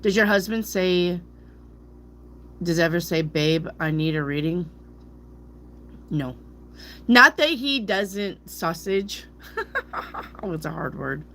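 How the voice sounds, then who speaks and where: Slow-talking playful middle-aged woman. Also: lowish voice, a bit bright, a little hiss or hum. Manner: playful, stumbles and laughs over hard words. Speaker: tarot reader. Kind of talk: casual rambling chat to viewers.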